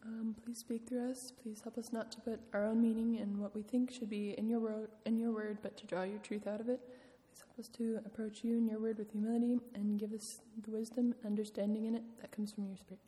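A woman leading a spoken prayer in a church, earnest and measured. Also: medium pitch, little pitch movement, mellow, long reverb tail. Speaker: prayer leader.

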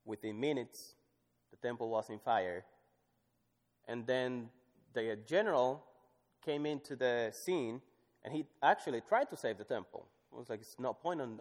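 Man preaching in a reverberant hall. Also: mid-range voice. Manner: swings from loud emphatic scripture reading to soft, hushed asides. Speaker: pastor. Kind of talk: sermon.

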